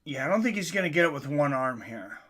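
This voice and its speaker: Bright-voiced excitable male fight commentator. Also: a little high, fast. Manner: excitable, rises to yelling at big moments. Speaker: fight commentator on a live stream.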